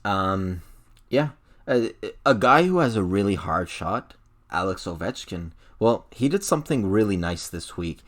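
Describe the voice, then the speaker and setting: A man's voice: low-pitched, animated, measured pace. A young man hosting a hockey podcast in casual chat, laid-back and hesitant with many fillers. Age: young adult. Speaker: podcast host.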